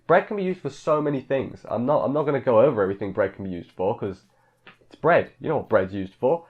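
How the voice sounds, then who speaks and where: A man's voice: medium pitch, lively intonation, fast talker, phone-quality sound. A man casually recapping an anime episode in a rambling, offhand way, full of fillers. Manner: rambling, offhand, filler-heavy, mimics characters in quotes. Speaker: anime reviewer.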